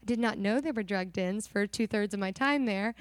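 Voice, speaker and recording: A young adult woman giving an earnest, animated personal testimony to a church congregation, acting out the dialogue as she tells it. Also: medium pitch, a little fast, no echo. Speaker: missionary sharing testimony.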